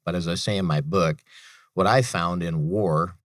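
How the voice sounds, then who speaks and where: On a business radio show, a veteran and author in his thirties speaks at a normal speed in a deep voice, sharing personal stories with earnest repetition. The audio is clean studio sound without echo.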